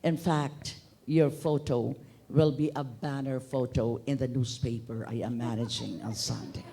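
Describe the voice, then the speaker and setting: A middle-aged newspaper manager from Bohol, Philippines, speaks up from the audience at a forum in a conference hall, with a Boholano accent. His mid-range voice is steady, unhurried, creaky and warm, and his remarks are expansive and humorous, with emphatic bursts.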